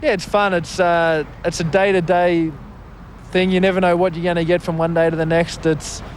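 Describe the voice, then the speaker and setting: A young man, a basketball player, answering interview questions haltingly with many fillers. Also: sits high, little pitch movement, slight background noise. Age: young adult.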